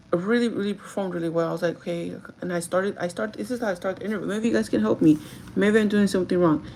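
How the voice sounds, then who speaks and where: A woman's voice: mid-range voice, creaky, darkish tone, a little hiss or hum, poor audio. A woman chatting casually to her live viewers while doing her makeup, talking straight to them and laughing often. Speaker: livestreaming vlogger and store manager.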